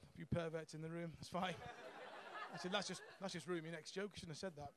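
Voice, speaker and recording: A high-voiced young man works a comedy club crowd through a handheld mic. He is brash and sweary, and he chuckles at his own punchlines as he goes. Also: steady tone, a little fast. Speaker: stand-up comedian. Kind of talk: stand-up set.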